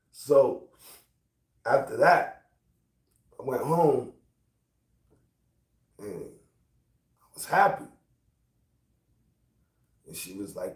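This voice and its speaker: A middle-aged man telling a personal story in a profane, animated rant. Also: mid-range voice, slow, long pauses. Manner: animated, profane, builds to angry outbursts. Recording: roomy, distant from mic.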